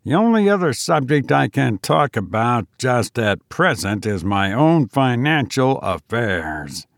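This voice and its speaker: A man's voice: medium pitch, very animated, unhurried, vocal fry, no room sound, clean studio sound. A man voicing a broke young schemer with a light, mocking manner.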